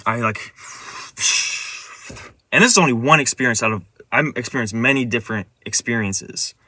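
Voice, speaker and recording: A man's voice: medium pitch, quick pace, pushed and bright, dry recording. A man casually recounting a dream in a rambling way, with lots of restarts and filler words. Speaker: vlogger. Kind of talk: casual dream retelling monologue.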